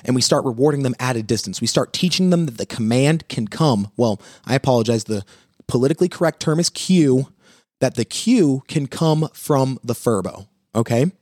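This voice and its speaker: A man hosting a live pet advice talk, walking viewers through dog training steps in an energetic, coaching way. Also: mid-range voice, moderate pace, no room sound, studio quality.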